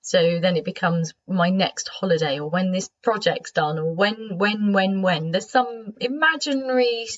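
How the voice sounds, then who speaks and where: A British woman hosting her own podcast, speaking gently and conversationally in a croaky, sleepy voice. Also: medium pitch, unhurried, few pauses. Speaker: podcast host. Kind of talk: solo podcast monologue. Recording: slightly dull lo-fi sound.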